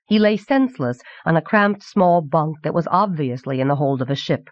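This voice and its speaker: A woman reading a novel aloud as audiobook narrator in a measured, clear voice from an old cassette recording. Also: low-pitched, no echo. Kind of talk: scripted narration. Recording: dull 1990s cassette audiobook.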